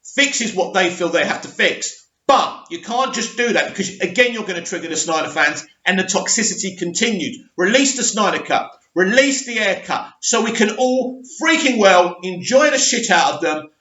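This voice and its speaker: Guy ranting about movies, high sharp voice, echoey dull lo-fi room. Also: animated, moderate pace, hardly any pauses. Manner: ranting, emphatic, with frequent restarts. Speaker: movie commentary host. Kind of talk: opinionated movie news vlog.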